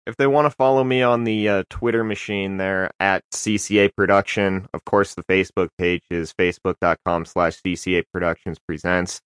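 Man, casual podcast guest, heavy swearing, animated storytelling, dry recording. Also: sits low, moderate pace, few pauses, clean tone, dry recording. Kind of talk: casual chat.

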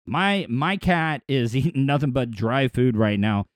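A man's voice: mid-range voice, measured pace, dry recording, clean studio sound. A man, chatting casually as a podcast host, rambling, repeating words and laughing easily. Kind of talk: casual chat.

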